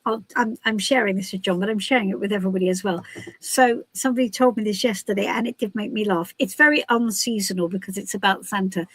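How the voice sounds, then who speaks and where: A UK woman hosts a casual live stream as a tarot reader, chatting and giggling and often restarting her sentences. Her voice is medium in pitch and slightly rough. The recording itself is rough, though there's no room sound.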